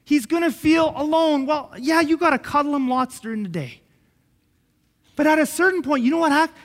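A man giving a conversational sermon-style teaching, telling animated stories that act out dialogue and chuckling often. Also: very high-pitched. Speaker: Christian preacher and father. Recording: long hall reverb.

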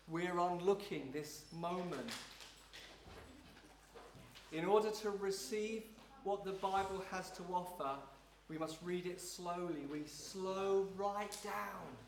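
Man leading a slow prayerful church teaching. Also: fairly high pitch. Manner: slow, repetitive, prayerful phrasing. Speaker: pastor leading a service. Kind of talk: guided devotional teaching. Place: church room with a congregation. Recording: roomy echo, faint noise.

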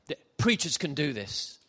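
A middle-aged man preaching a sermon, jokey and animated, shifting from quiet asides to loud shouts. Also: a little high. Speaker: pastor. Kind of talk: sermon with comic storytelling. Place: church hall with congregation.

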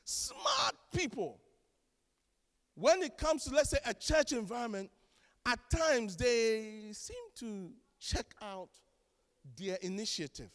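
A man preaching a sermon as pastor, animated and joking, acting out the voices of the people he quotes. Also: extremely high pitch, unhurried, big-room sound. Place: church.

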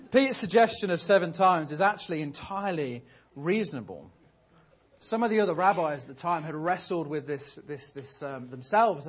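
A man's voice: on the high side, husky. A man preaching a sermon in a humorous, conversational storytelling manner. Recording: dull lo-fi recording.

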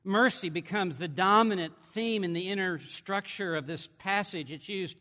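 A man preaching in a large hall, his voice high and sharply bright against the long reverb. He delivers his sermon emphatically, leaning hard into declarations and then dropping to quieter, intense asides. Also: moderate pace. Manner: emphatic preaching, swinging between forceful and hushed.

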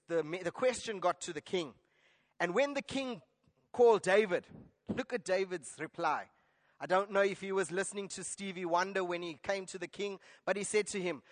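A man preaching a sermon, retelling a Bible story with lively acted-out lines and questions to the congregation. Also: high voice, normal speed. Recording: long hall reverb.

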